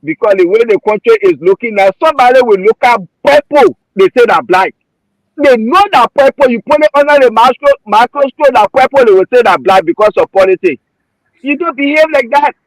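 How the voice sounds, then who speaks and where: Heated high-voiced Liberian man. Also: lively intonation, a little fast, no room sound, rough recording. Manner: emotional, repetitive, heated. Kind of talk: passionate political commentary.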